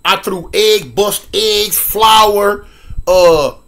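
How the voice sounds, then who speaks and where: A man in his sixties from Los Angeles telling a story casually, animated, with sound effects and lots of repetition. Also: high-pitched, very slow. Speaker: storyteller guest.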